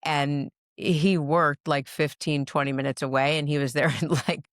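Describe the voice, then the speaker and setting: A woman's voice: deep voice, steady tone, moderate pace, no room sound, studio quality. A middle-aged woman telling a family story in casual chat, rambling with restarts and frequent laughs. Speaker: guest, mother of the host. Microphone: podcast mic.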